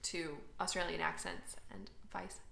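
A woman's voice: fairly low pitch, flat delivery, a little slow, gravelly, pushed and bright. An American woman in her late twenties, co-hosting a podcast in a chatty, self-deprecating way with lots of fillers. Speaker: podcast co-host. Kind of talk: casual chat. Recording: echoey room.

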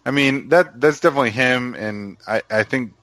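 A man with a mid-range voice reasons out loud, hedging his points with plenty of fillers as he goes. The recording is dry and close. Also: mid-range voice, normal speed, no echo. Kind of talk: casual chat about a TV trailer.

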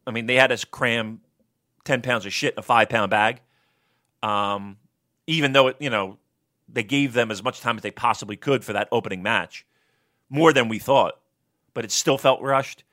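A man co-hosting a casual review podcast, talking profanely and excitably and working himself up into shouting rants. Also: mid-range voice, normal speed, pauses often. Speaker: wrestling podcast co-host.

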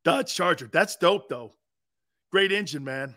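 Man, sports radio host, fairly high voice, dry close sound, rambling animated storyteller. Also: unhurried, no room sound. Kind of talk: casual sports talk radio banter.

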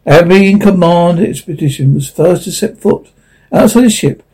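Guy reading a sci-fi story, dark gravelly voice, a bit husky, keeps tripping on words. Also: sits high, normal speed, poor audio. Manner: unpolished reading with frequent stumbles and self-corrections. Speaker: narrator. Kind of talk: audiobook reading.

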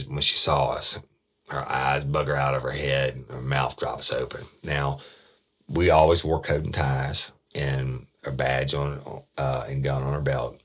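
Ex-detective man, rumbling low and raspy, spins a blunt story and acts out the talk. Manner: lively retelling that acts out the dialogue; casual, blunt. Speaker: former detective.

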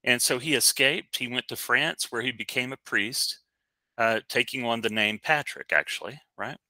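Bright-voiced man hosting a podcast. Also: mid-range voice, moderate pace, dry recording. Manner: chatty and rambling, with many fillers and restarts. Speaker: podcast co-host. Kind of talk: casual podcast movie review.

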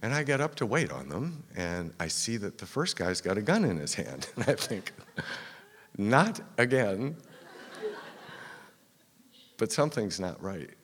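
With a lowish, sing-song voice and a breathy edge, this man tells a true story of his own on a theater stage at normal speed, barely pausing. He performs it dramatically, whispering when things get tense, in a hall with long live reverb.

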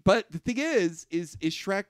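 A man co-hosting a podcast, retelling a movie plot in casual chat, animated and quick to laugh. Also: high-pitched, no echo, studio quality. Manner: animated storyteller, acting out quotes, laughing often. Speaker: podcast co-host.

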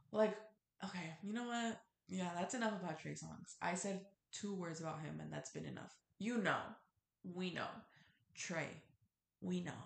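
A woman's voice: on the low side, gravelly, echoey room. A young woman hosting a casual solo podcast, rambling with lots of fillers and cursing freely. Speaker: podcast host.

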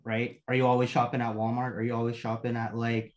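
A young man from Bangladesh, raised in the US, speaks as a podcast guest. He sounds laid-back and slangy and fills his talk with casual asides. His voice sits at an ordinary middle pitch. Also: monotone, fast talker. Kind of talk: casual conversation.

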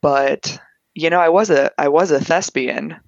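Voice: mid-range voice, measured pace, creaky, no echo, muffled recording. A new player in a casual chat about a tabletop game, talking in a rambling, filler-heavy way. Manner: chatty, rambling, many fillers.

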